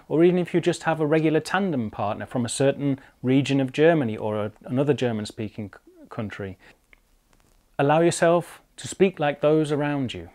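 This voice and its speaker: British male teacher, casual explainer, measured and thoughtful with small restarts. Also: medium pitch, dark tone. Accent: British English. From United Kingdom. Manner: thoughtful, with small restarts and careful pronunciation examples. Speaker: language teacher. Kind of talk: casual spoken lesson. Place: Germany.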